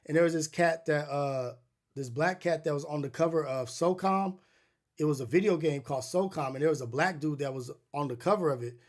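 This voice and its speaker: A man's voice: on the high side, a little fast. A middle-aged man hosting a podcast, telling stories in a loose, profane, rambling way with many restarts. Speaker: podcast host. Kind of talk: casual storytelling monologue.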